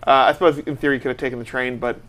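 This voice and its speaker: A man's voice: mid-range voice, steady tone, racing, a bit bright. A man co-hosting a casual talk show, chatting in a rambling way with lots of fillers. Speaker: podcast co-host. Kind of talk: casual chat.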